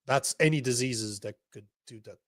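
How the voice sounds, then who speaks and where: A man's voice: medium pitch, moderate pace, no echo, clean studio sound. A young man co-hosting a casual political chat show, talking bluntly, cursing often and rambling while he addresses the live chat. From Canada. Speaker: podcast co-host.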